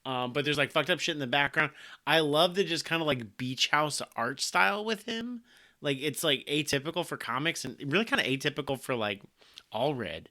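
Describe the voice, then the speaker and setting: Male co-host, bright tone, chatty and enthusiastic. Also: fairly high pitch, lively intonation, normal speed. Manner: jokey, enthusiastic, many "like"s. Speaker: podcast co-host. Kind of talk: casual comics discussion.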